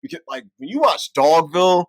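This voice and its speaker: A man co-hosting a film podcast in casual chat, animated and quick to swear and get worked up. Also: sits high, gravelly, no echo, studio quality. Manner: animated, swears a lot, gets loud and excited. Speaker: podcast co-host.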